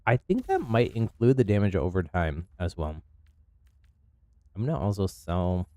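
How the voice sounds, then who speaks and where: Easygoing, low-voiced male game streamer. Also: big pitch swings, normal speed, dark tone, dry recording. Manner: chatty, easygoing, laughs at himself. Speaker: streamer playing with viewers. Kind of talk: casual live gameplay commentary.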